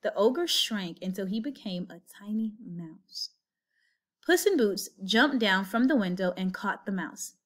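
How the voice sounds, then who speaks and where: A woman reading a children's picture book aloud, with an expressive story-telling lilt. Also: medium pitch, unhurried. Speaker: storybook reader.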